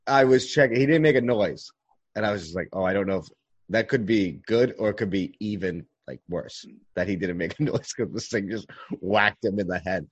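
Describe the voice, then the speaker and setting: A man's voice: fairly low pitch, brisk, slightly rough, no echo, highs cut off. A man in his thirties hosting a casual podcast, rambling in a laid-back way and chuckling as he talks. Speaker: podcast host. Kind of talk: casual chat.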